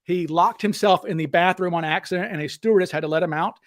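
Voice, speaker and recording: Southern guy hosting a live chat, high-ish voice, blunt and combative, dry close sound. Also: quick pace, no room sound. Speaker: host. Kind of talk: heated livestream discussion.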